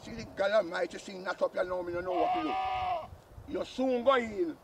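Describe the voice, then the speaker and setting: A man's voice: sits high, animated, normal speed, heavy background noise. A man playing a boastful old Jamaican uncle and former soldier, blustering and scolding in a comic sketch. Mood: grumbling.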